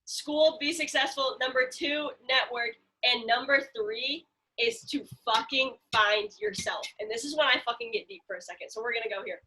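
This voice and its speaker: A woman's voice: fairly high pitch, normal speed, sharp tone, slight background noise. A young woman from Central Illinois co-hosting a podcast over a video call, chatting casually and swearing freely as she gives blunt advice. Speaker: podcast co-host. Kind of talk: casual chat.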